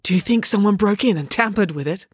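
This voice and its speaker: A woman's voice: mid-range voice, quick pace, a little mellow, husky, no room sound, studio quality, voice pushed up, lightly acted. A woman voicing a nervous, paranoid middle-aged father who startles at everything. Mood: jittery. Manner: nervous, alarmed exclamations.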